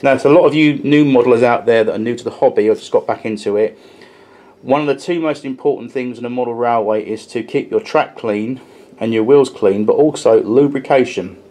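Chatty man with a mellow voice. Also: medium pitch, fairly quick. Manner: chatty, with frequent ums and restarts, stresses small details. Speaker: model railway reviewer. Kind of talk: casual hobby review, explaining hands-on.

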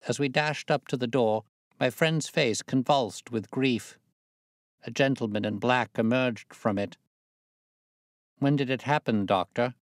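A man narrating a classic story aloud in a steady, measured reading voice. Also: mid-range voice, dry recording, clean studio sound.

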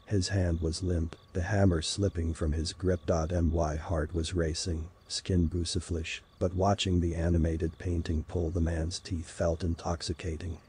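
A man reading a horror story in a slow, measured, dramatic style. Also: low voice, little pitch movement, mellow, slight background noise. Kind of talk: scripted horror narration.

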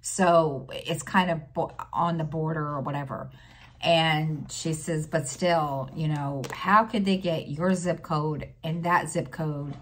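A woman's voice: low-pitched, slight background noise. A middle-aged woman vlogging in casual chat, rambling with many fillers and restarts, telling an exasperated story with sighs.

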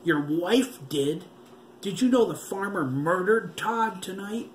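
A man reading an audiobook, voicing a savage, taunting dead boy who shouts cruel taunts in a roomy recording. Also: sits high, lively intonation, slow, slight background noise, voice pushed up. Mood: screaming, cruel.

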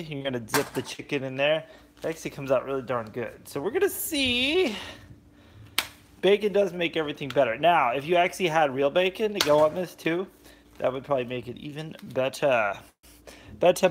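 A man's voice: mid-range voice, slight background noise. Chatty man live-streaming his cooking. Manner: chatty, greets viewers by name, animated bursts. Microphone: phone on a selfie stick.

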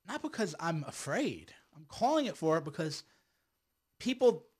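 A middle-aged man, a lawyer and filmmaker, speaking in a casual, combative monologue, repeating words and tagging lines with "right?". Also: sits high.

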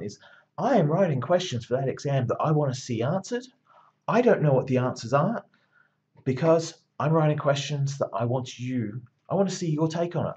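A man's voice: a little high, darkish tone, highs cut off. A man giving a recorded university lecture as a rousing, emphatic pep talk, repeating phrases for effect.

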